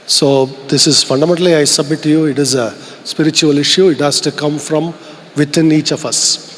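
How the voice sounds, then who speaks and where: Indian-accented man, keynote speech, higher voice, big reverberant hall. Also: steady tone, brisk, fairly bright tone, slight background noise. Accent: Indian English. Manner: earnest, reflective, asks rhetorical questions. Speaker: keynote speaker. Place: large conference hall.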